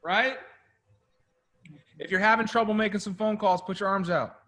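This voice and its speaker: A man coaching a room of agents, animated and coaxing, calling out to the group. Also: high voice, moderate pace. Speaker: sales trainer. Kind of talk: energetic group coaching session.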